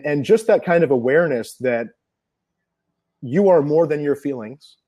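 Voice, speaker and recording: A man's voice: medium pitch, a little mellow. A man being interviewed as an NLP trainer, explaining ideas earnestly and piling up examples.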